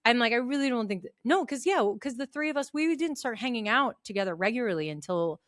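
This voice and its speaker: A woman's voice: fast, no echo, studio quality. A middle-aged woman co-hosting a casual podcast, telling stories and acting out quotes. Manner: animated storyteller, acts out quotes in a high voice. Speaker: podcast co-host. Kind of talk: casual chat.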